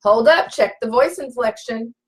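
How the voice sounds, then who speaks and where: A woman coach talks to her live viewers in a slightly high voice. She is emphatic and a bit preachy. She repeats her key points and asks the audience to answer back. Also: normal speed, low-quality recording. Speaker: relationship coach. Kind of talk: live-stream teaching, reading viewer comments.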